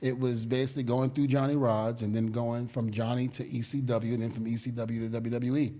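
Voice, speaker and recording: A man telling stories in an interview, animated, acting out quotes and laughing often. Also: mid-range voice, brisk. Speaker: guest, former wrestler. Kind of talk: storytelling interview.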